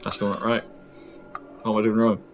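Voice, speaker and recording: A man's voice: lowish voice, flat delivery, brisk, soft background music. A man playing a puzzle game and chatting casually, joking around and muttering nonsense sounds while he thinks. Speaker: player of the game. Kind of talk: casual gameplay chat.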